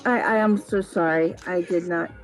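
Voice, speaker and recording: A woman's voice: fairly low pitch, fairly even intonation, normal speed, faint music behind. A woman guest on a live podcast, friendly and giggly in casual chat.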